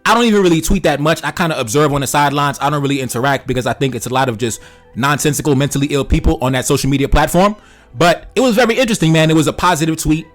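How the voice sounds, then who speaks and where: With a fairly high, slightly bright voice, a young man runs a commentary channel where he casually picks apart social media posts. He's blunt and heated, swears a lot, and calls his listeners "man" and "brother."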